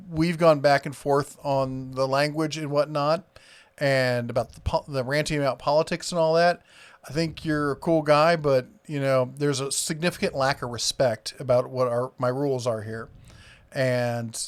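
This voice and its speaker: A man with an Iowa accent hosting a live stream, rambling casually, reading viewer comments aloud with many fillers. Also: medium pitch.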